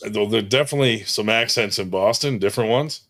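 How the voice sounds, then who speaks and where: A man from New Hampshire with a slightly low voice, joking around on a casual live podcast. He talks loosely, swears freely and slips into mocking voices. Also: fast, a bit bright. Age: adult, married.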